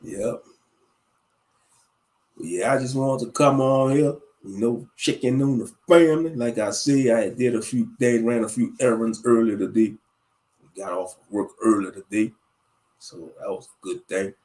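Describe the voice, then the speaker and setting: A man's voice: mid-range voice, a little slow, a little mellow. A man hosting a casual livestream, ranting animatedly with plenty of cursing. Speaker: livestream host.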